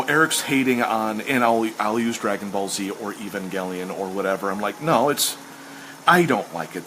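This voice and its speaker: Man, casual host chat, rambling, enthusiastic, mid-pitched, faint background hiss. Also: a bit bright, low-quality recording. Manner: rambling and enthusiastic, acts out quoted lines. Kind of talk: casual chat while sketching.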